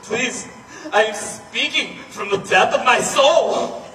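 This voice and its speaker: A man playing a deranged asylum inmate on stage who swings from sly musing to frantic, shouted begging. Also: very high-pitched, takes it slowly, exaggerated voice. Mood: desperate pleading. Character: deranged male asylum inmate, manic and pleading. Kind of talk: stage play acting. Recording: echoey hall from far off, noisy.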